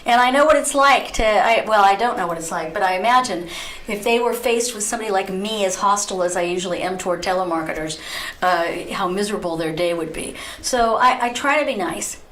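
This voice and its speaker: A middle-aged woman hosting a talk radio show, telling a story in a lively, chatty way and often breaking into laughter. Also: medium pitch, a little fast. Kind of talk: casual talk radio monologue. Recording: roomy echo.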